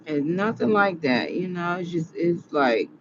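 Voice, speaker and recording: A woman's voice: lowish voice, animated, a little slow, lo-fi sound, slight background noise. A tired woman vlogging to her viewers in a rambling, chatty monologue. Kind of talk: casual monologue.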